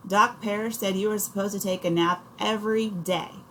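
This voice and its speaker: A woman's voice: medium pitch, fairly even intonation, normal speed, a little hiss or hum, voice pushed up, natural voice. A woman doing an exasperated scolding mother.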